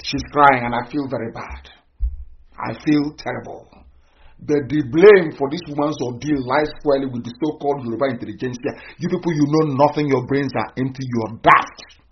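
A man's voice: medium pitch, brisk, roomy sound, muffled recording, a little hiss or hum. A man giving an impassioned, scolding political monologue, repeating himself for emphasis. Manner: fiery, repetitive, scolding. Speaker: political commentator.

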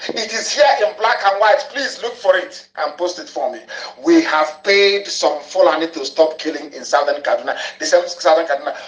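A man's voice: a little high, moderate pace, a bit bright. A man giving an angry, ranting broadcast monologue, hammering points home by repeating phrases. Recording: echoey room, dull lo-fi audio.

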